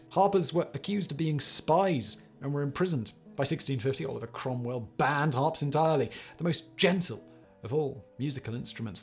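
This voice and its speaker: A man's voice: a little high, a bit bright, husky. A man giving scripted narration for a list video, with wry, dry asides. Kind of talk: scripted narration with a read sponsor ad.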